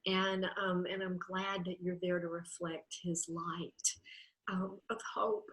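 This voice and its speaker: Woman host, bright effusive voice, church devotional chat on a video call, emotional. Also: lowish voice, little pitch movement, measured pace, poor audio. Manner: emotional, tearful at times, warm and effusive. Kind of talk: heartfelt video-call conversation.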